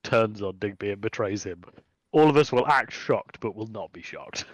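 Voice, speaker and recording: A man's voice: lowish voice, animated, normal speed, no echo, poor audio. A man playing a tabletop game, making wry remarks in casual chat.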